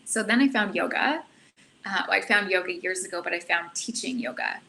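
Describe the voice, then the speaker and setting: Guest, woman, middle-aged, earnest and animated, bright tone, faint noise behind. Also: mid-range voice, normal speed, creaky, low-quality recording. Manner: earnest, animated, self-reflective. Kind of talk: casual storytelling.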